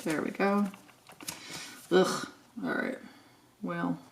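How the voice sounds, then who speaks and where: Unhurried woman thinking aloud. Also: on the low side, steady tone, gravelly, slight background noise. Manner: chatty, thinking aloud, self-deprecating. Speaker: planner vlogger. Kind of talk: casual chat while decorating a planner.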